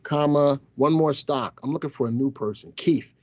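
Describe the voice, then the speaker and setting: A man's voice: fairly high pitch, normal speed, a little mellow, dry recording, dull audio. A man hosting a casual live stock-market show, teasing his viewers and crew as he talks. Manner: playful, teasing banter with chat. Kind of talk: casual live-stream commentary.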